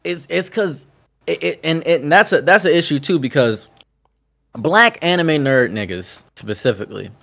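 A man who hosts convention panels, chatting casually and telling stories with animated quotes of the people in them. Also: fairly high pitch, normal speed, creaky. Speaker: content creator and convention panelist. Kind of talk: casual storytelling chat.

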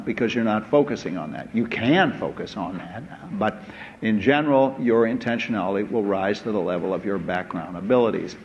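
A man giving a university lecture in a hall, unhurried and full of "uh" hesitations and asides. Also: fairly low pitch. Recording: dull lo-fi lecture recording with faint noise.

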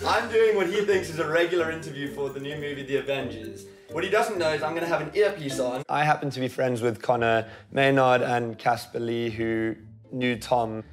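A young man with an English accent, quickly and animatedly recounting a prank in an interview to camera. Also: mid-range voice, soft background music.

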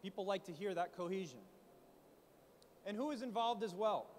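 A man speaking at a conference, coaching founders on pitching in an animated way, full of rhetorical questions. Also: moderate pace, long reverb tail, slight background noise. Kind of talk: startup pitch talk. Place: conference stage in a large hall. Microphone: handheld mic.

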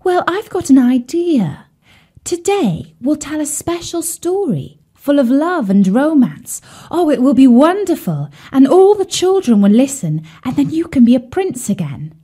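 A woman voicing a gentle, romantic female swan in a children's storybook, who sighs and draws her words out sentimentally. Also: sits high, big pitch swings, pitched above the performer's own voice. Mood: tender. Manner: sighing, sentimental, drawn-out.

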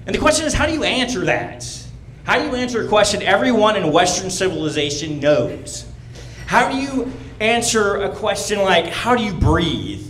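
A man's voice: high-pitched, very animated, a bit bright, echoey room, a little hiss or hum, low-quality recording. A man doing a brash stand-up set on a comedy club stage, telling stories and acting out other people. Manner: brash, storytelling, quick to act out other people.

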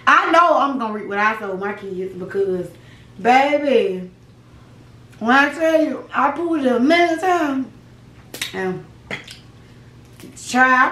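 A woman's voice: a little high, fairly bright tone, echoey room, recorded from a distance, slight background noise, rough recording. A young woman vlogging to camera while eating, chatting to viewers in a folksy, laughing way with asides like "child" and "baby". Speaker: mukbang vlogger.

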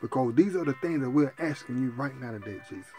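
With faint music playing behind him, a man preaches and prays aloud in a sermon, calling out to his sisters and brothers and crying to Jesus again and again. His medium-pitched voice is mellow, slightly rough, animated and fast.

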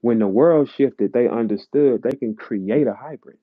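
A man's voice: mid-range voice, moderate pace, breathy edge, no room sound. Profane ranting man on a dull stream. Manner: blunt, profane, lecturing. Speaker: host of an audio chat room. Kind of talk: heated rant in a live audio chat. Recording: dull lo-fi audio chat stream.

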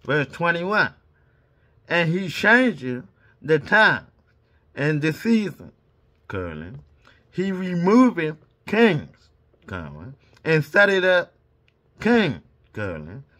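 A man reads scripture aloud at an unhurried pace, saying each comma and period out loud. His voice sits a little high and bright, and it rises and falls widely. Between verses he slips into casual, chatty asides. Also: big pitch swings. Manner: reads punctuation marks aloud. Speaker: Bible reader. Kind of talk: reading scripture aloud with commentary.

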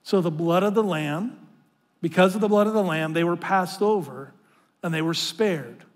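In a church sanctuary, a male pastor with a notably high voice preaches a sermon earnestly and conversationally at normal speed, often stumbling and restarting. He draws the congregation in and has them read aloud with him, his words ringing with long reverb through the large hall.

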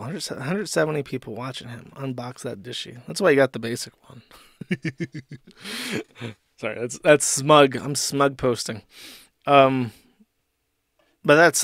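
A man's voice: medium pitch, fairly bright tone, no echo, studio quality. A man hosting a casual commentary stream, reading posts aloud with sarcastic mockery. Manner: sarcastic, mocking, reads posts aloud in exaggerated voices. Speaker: streamer host.

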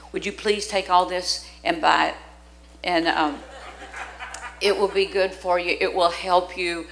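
Speaking from the church sanctuary, this older female guest preacher weaves stories into her sermon with lots of energy. Her voice sits on the low side with a fairly bright tone, and the recording is rough. She laughs frequently and mimics the voices of those she quotes.

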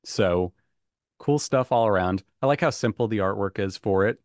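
A man's voice: lowish voice, normal speed, a little mellow, no room sound, studio quality. Chatty man hosting a podcast game. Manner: upbeat, chatty, laughs often. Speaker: game show host.

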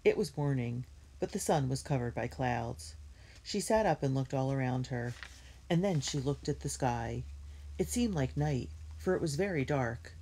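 A woman reads a children's chapter book aloud in a measured, gentle storytelling manner. Her voice is very low and husky, with a gravelly grain. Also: expressive. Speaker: reader.

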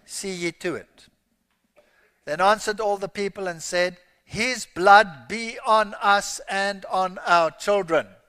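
A man's voice: high voice, takes it slowly, bright, forceful tone, clear, resonant tone. A man preaching a sermon, reading scripture aloud with emphatic, rising exclamations. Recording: long hall reverb.

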